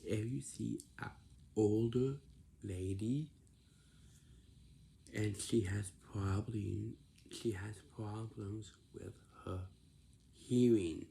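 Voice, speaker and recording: Slow, gravelly young man. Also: on the low side, fairly even intonation, warm tone. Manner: halting, repeats and restarts phrases. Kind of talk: casual advice monologue.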